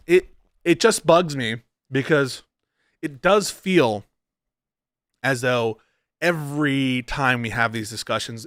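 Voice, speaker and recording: A man's voice: mid-range voice, a bit bright, dry recording, clean studio sound. A man giving casual political commentary, arguing emphatically with frequent restarts and tag questions.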